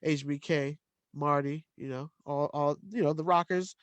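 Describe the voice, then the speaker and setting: A man chatting casually on a podcast with a fairly high voice, excitable and quick to laugh, often restarting his words. The sound is close and dry. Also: no echo. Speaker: podcast co-host. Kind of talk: casual chat.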